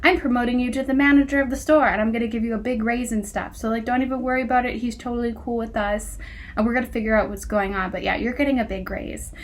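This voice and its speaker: A woman's voice: on the high side, steady tone, fast, close to an everyday voice. A woman doing a breezy, laid-back young boss.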